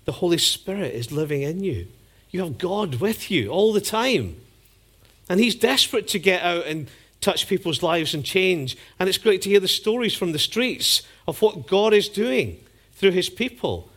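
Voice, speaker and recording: Man preaching a lively sermon. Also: sits high, moderate pace, breathy edge. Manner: storytelling, acting out scenes with lively voices.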